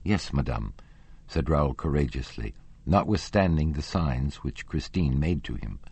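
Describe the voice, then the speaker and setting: A man narrating a classic novel as an audiobook, measured and expressive. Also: extremely low pitch, husky, no echo. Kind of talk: scripted narration.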